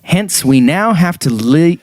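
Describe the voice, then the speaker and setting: A man's voice: a little high, a little slow, dry recording. Laughing podcast man reading aloud. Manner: laughs often, lively. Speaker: podcast co-host. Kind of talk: casual chat, reading a dream aloud.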